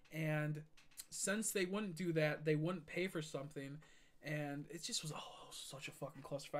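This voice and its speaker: A young man on a live game stream, his voice sitting a bit higher than most men's. He tells a story as a heated, profane rant and stumbles through fillers and restarts as he goes. It sounds loose and casual, not scripted at all.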